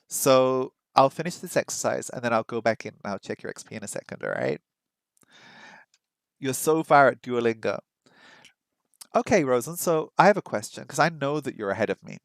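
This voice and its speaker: A man chatting casually on a stream while he practises a language, thinking aloud and sounding out words slowly. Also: mid-range voice, gravelly, no echo. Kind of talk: casual livestream chat.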